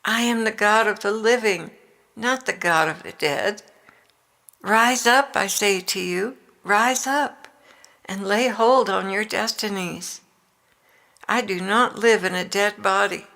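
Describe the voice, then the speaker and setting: Jesus speaks as a tender, exhorting divine man, voiced by an older woman in her own voice. The tone is bright with a gravelly edge, and the delivery is unhurried. It is a devotional reading. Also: medium pitch.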